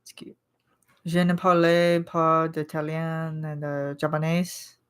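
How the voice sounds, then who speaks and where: Slow, low-voiced woman rambling casually. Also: flat delivery, clean tone. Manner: rambling, heavy on filler words, laughs often. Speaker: channel host. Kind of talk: casual monthly chat vlog.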